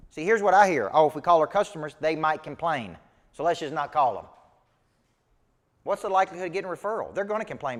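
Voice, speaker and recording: Heard with a long reverb tail, a man's slightly high voice carries a Southern US accent. He's giving a live motivational training talk on business coaching, emphatic, folksy and preachy, and asks his audience questions.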